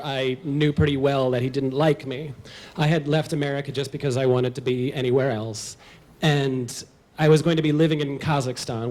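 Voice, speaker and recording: A man's voice: fairly high pitch, a little mellow. A man telling a personal story at a live storytelling show, wry, comic and self-deprecating.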